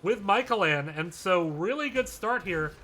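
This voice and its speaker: Male esports caster calling a live match; high, bright and brisk, with chatty asides. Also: animated. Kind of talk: live play-by-play commentary.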